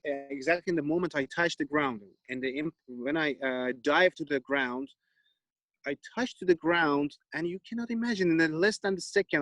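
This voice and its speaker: A man's voice: a little high, dry recording, low-quality recording. A man from Iran, a stuntman guest on a podcast, telling stories in casual English and acting out the voices he quotes. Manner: animated storyteller, acts out quoted voices, non-native phrasing. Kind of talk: casual storytelling interview.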